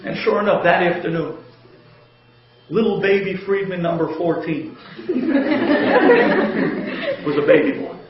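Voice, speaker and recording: A man telling a humorous inspirational story in an animated way, chuckling as he goes. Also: high-pitched, measured pace, long pauses, a crowd in the background. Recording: very echoey, dull lo-fi audio.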